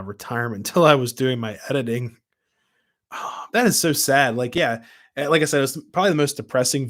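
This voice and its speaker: A man's voice: mid-range voice, a bit bright. A chatty man talking live from his home, speaking into a camera mic at his desk. He rambles loosely, trails off with fillers, and breaks off to greet viewers and answer their comments. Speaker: live stream host. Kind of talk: casual live-stream chat. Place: home room with model trains.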